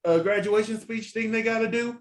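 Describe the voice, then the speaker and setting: A man co-hosting a casual review chat, animated and laughing often. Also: high-pitched, a little fast, rough recording. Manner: chatty and animated, laughs often, quotes reactions. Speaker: co-host reviewing a TV competition.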